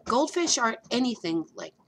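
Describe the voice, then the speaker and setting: A woman's voice: a little high, very animated, moderate pace, a bit bright, slight background noise, pitched above the performer's own voice. A woman voicing a young girl answering her friend in a matter-of-fact way. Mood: dry. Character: young girl, patient and dry.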